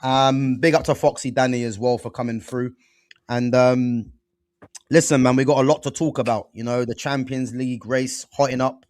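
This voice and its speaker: A man hosting a casual football chat show, animated and slangy, full of fillers and restarts. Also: medium pitch, moderate pace, dry recording. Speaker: football podcast host.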